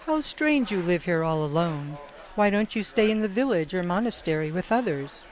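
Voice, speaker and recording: A woman voicing a plump, suspicious village woman who accuses someone of theft, raising her voice high. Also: animated, normal speed, darkish tone, natural voice. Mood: accusing.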